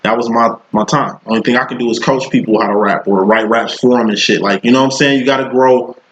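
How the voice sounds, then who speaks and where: This man in his thirties talks fast in a medium, fairly bright voice with fairly even intonation. Working as a psychic, he gives a casual tarot reading, speaking bluntly in profane street slang. The sound is roomy, dull, and lo-fi.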